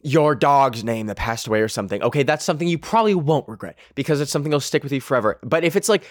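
A man's voice: mid-range voice, lively intonation, fast, few pauses, dry recording, clean studio sound. A man hosting a podcast, ranting casually and swearing a lot, rambling with many fillers. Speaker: podcast host. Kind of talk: casual opinion rant.

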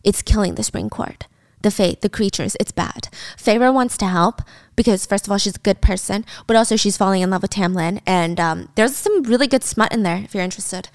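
A woman's voice: medium pitch, brisk, no echo, studio quality. A young woman in casual chat, animatedly retelling a book's plot and slipping into quoted lines. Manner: animated storyteller, slips into character quotes. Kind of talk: casual book recap chat.

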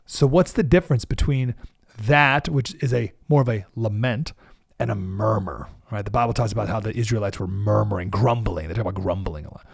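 A man's voice: lowish voice, fairly quick, vocal fry, breathy edge, no echo, studio quality. A middle-aged man hosting a devotional podcast, talking in an earnest, emphatic way and repeating words to stress a point. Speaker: podcast host. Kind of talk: devotional talk.

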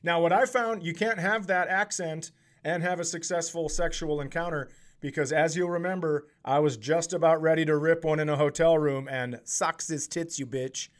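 A man's voice: fairly high pitch, fairly even intonation. A man co-hosting a comedy podcast, blunt and joking in casual chat. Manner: blunt, joking, quick to swear. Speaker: podcast co-host.

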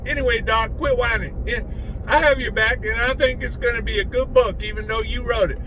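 Brief: man voicing a chummy hillbilly buddy, put-on drawl, in a car with clear road noise. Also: very high voice, steady tone, brisk, pitched above the performer's own voice. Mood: folksy. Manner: folksy, ribbing, says doggone. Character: folksy hillbilly sidekick man, chummy and teasing. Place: inside a car while driving. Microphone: camera in a car. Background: clear engine and road noise.

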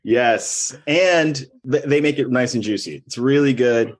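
A man's voice: mid-range voice, a little slow. A man, a comedian guest, riffing in a casual podcast chat and laughing often.

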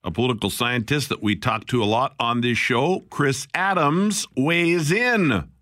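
A man hosting a talk radio show, chatty and quick to laugh as he takes calls and introduces clips. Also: mid-range voice, pushed and bright, no room sound, studio quality. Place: radio studio.

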